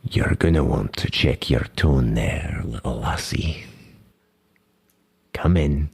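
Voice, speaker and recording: A man voicing a menacing male Scottish crime boss in a tabletop game, with a put-on Scottish accent and soft, threatening whispers. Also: very deep voice, slow, gravelly, slightly rough, voice pushed down, heavily acted. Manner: softly menacing, drops into whispers. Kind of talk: tabletop role-play character voice.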